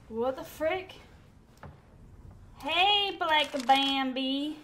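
A woman's voice: high-pitched, very slow. A woman commenting while playing a horror game, jumpy and swearing, often screaming at the scares. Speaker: gaming YouTuber. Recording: steady background noise.

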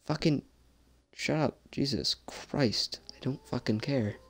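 A man's voice: medium pitch, takes it slowly, husky. A young man casually commenting on a horror game he is playing, sarcastic and jumpy, swearing often. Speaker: gameplay streamer.

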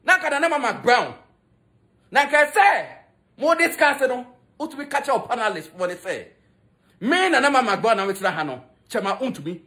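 A man's voice: very high voice, lively intonation, a little fast, bright, forceful tone. A man with a Ghanaian accent giving a mocking, scolding gossip commentary that switches between Twi and English. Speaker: entertainment commentator.

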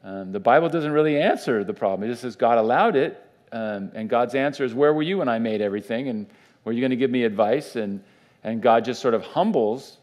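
A man's voice: medium pitch, fairly quick, a little mellow. A man, a pastor, giving a conversational Bible teaching in church, with fillers and restarts.

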